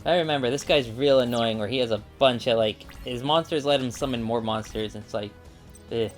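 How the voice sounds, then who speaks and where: A man's voice: mid-range voice, brisk, over music. A man giving casual, rambling commentary while playing a card game, full of fillers and asides. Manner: rambling, chatty, many fillers. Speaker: let's play gamer.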